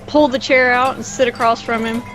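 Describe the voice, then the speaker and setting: A woman's voice: on the high side, steady tone, normal speed, fairly bright tone, faint music behind, some chatter behind, rough recording. A woman playing in a tabletop game, talking in character with hesitant, self-correcting speech. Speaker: player. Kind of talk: casual in-character role-play.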